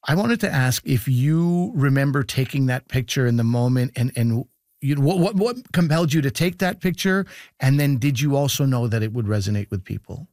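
A man's voice: mid-range voice, lively intonation, moderate pace, darkish tone, dry recording. Thoughtful male interviewer, dry studio. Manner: thoughtful, loose questions with restarts. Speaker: interviewer, host. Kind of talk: conversational interview.

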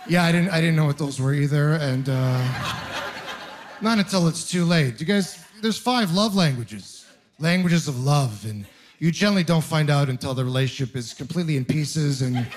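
A man's voice: a little high, animated, normal speed, pauses often, a little hiss or hum. A man doing a stand-up comedy set, telling stories in a wry, self-mocking way and firing off rhetorical questions.

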